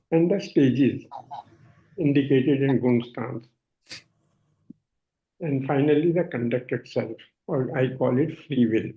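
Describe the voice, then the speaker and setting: Brief: older Indian man, measured explanatory lecturer, narrow phone-like audio from a video call. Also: medium pitch. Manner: measured, explanatory, with many fillers. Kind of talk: online lecture presentation.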